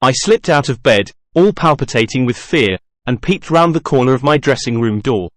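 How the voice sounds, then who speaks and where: A man narrates an audiobook in first person, in a measured, middle-pitched voice that breaks into dramatic outbursts. He is recorded on a close studio mic, and the sound is dry with no room around it. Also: lively intonation, dry recording.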